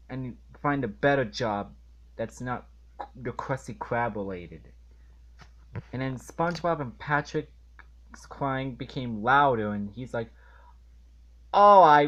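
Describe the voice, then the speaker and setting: Slow, exasperated man ranting. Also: mid-range voice, a bit bright, muffled recording. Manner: exasperated, indignant, halting with restarts. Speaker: video reviewer. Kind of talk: ranting cartoon episode review.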